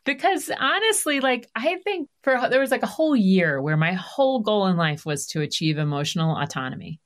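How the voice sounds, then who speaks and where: A middle-aged woman, a guest author, telling family stories in an animated, confessional way full of asides and self-deprecating jokes. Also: medium pitch, fairly quick. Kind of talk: candid conversational storytelling.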